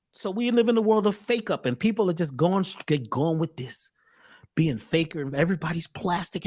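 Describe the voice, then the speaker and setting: Brief: preachy motivational man, punning and cursing, lively swinging delivery, dry close sound. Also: a little high, fast talker, no room sound. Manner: animated, preachy, punning and profane. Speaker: speaker and workshop teacher. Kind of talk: motivational lecture on a call.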